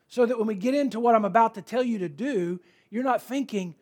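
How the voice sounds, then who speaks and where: A man's voice: high voice, animated, fairly quick, hardly any pauses, a little mellow, slightly rough. A man preaching a sermon in a conversational, emphatic way, repeating key words for stress. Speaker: pastor.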